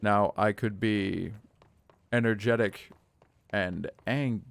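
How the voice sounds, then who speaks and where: During a casual gaming livestream, a man with a medium-pitched voice talks at normal speed, pausing often. He chats and jokes with viewers, addressing his chat directly.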